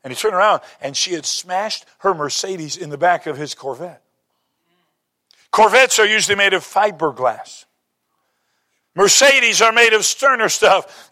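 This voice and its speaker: High-voiced, bright-toned male preacher. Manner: storytelling, rising to emphatic bursts. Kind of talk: sermon.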